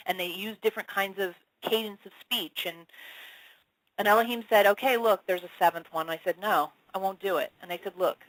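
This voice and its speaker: A woman guest in an interview tells her story with lively, expressive delivery. She swears casually and acts out both sides of every conversation, her voice jumping high for emphasis. The sound is dry and close. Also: no echo, poor audio. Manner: expressive, casual swearing, acts out dialogue with big pitch swings. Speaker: spiritual channel, interview guest.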